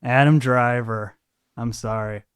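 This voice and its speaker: A man's voice: mid-range voice, steady tone, takes it slowly, clear, resonant tone, no room sound, clean studio sound. A man hosting a podcast and running a quiz game, joking and crude in casual chat.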